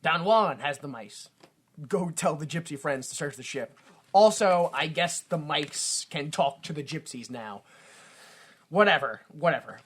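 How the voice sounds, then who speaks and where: A man co-hosting a comedy podcast, recapping a film casually, acting out characters in quick silly voices and laughing often. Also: a little high, lively intonation, fairly bright tone, breathy edge. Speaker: podcast co-host.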